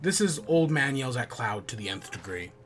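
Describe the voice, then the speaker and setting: A man's voice: mid-range voice, big pitch swings, moderate pace. A man hosting a podcast, grumbling and swearing while he plays a game and chats casually. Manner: grumbling, swearing, frustrated muttering. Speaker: podcast host playing a game while chatting. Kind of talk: casual gaming chat.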